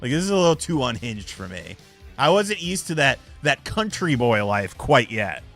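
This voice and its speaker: Lively bright-voiced male streamer. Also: mid-range voice, moderate pace, faint music behind. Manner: loose storytelling, swears freely. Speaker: live stream host. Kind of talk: casual live stream chat.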